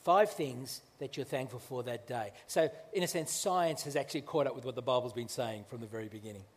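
A male pastor preaching a sermon in a conversational way, with restarts and slow, emphatic phrases, in a church. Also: mid-range voice, big-room sound.

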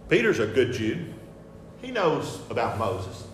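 A man preaching a sermon with picture slides, emphatic and repetitive, shifting between soft asides and loud declarations. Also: medium pitch, huge pitch swings, measured pace, slight background noise. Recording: echoey hall with faint ambience.

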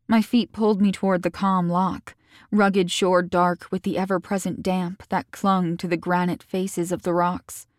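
Calm woman narrating an audiobook. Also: lowish voice, no room sound, studio quality. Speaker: author reading her own novel. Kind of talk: first-person audiobook narration.

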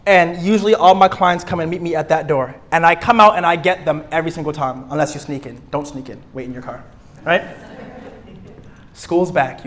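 Young guy teaching a church class, high voice, playful, acts stuff out, says things twice. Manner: lively, playful, acts out little scenes and repeats key points. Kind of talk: church teaching talk to a live group.

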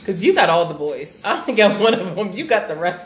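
A woman in her thirties co-hosting a casual chat, animated and quick to laugh. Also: medium pitch. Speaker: podcast co-host. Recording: echoey room with faint noise.

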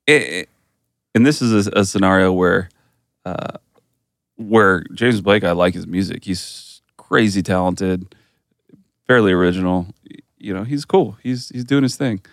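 A man's voice: sits low, measured pace, long pauses, no room sound, studio quality. A man co-hosting a pop culture podcast, talking casually and restarting sentences as he argues a point. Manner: laid-back, restarts a lot while arguing. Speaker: podcast co-host. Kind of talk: casual chat.

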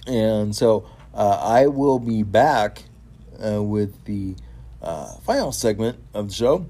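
A man with a mellow, warm voice hosting his own wrestling talk show at an unhurried pace. He stumbles through fillers and repeats words, then gushes with enthusiasm about the week ahead. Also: lowish voice, lively intonation. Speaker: podcast host.

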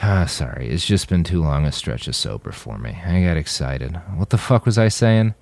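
A loud, swaggering posthuman man made of chrome, stoned and rowdy, cursing freely in a raised, animated audiobook voice, as a man puts him on. The recording is dry and close. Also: low voice, normal speed, gravelly, dry recording.

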